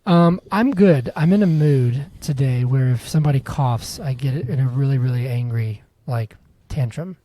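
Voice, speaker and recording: A man's voice: mid-range voice, moderate pace, few pauses, dark tone. A young man co-hosting a podcast, chatting casually and joking around with wheezy laughs. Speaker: podcast co-host. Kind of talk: casual chat.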